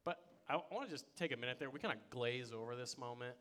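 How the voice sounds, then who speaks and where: Young guy pastor preaching, bright voice, gets loud then quiet, storytelling vibe. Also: mid-range voice, fast talker. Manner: energetic storytelling, big swings from loud excitement to quiet. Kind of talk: sermon. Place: church sanctuary.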